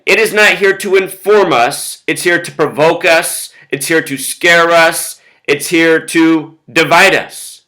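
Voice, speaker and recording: A man with a fairly high, sharp voice speaks directly to his viewers in a casual video blog monologue, and the recording is rough. He's emphatic, lists repeated words, and says "you know" a lot.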